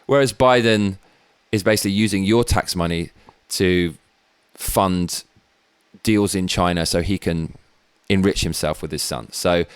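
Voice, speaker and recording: Blunt, sweary British man with a low voice. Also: a little slow, clean tone, no room sound. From Britain. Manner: blunt and sweary, rambling asides. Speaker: show host. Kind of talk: opinionated political commentary.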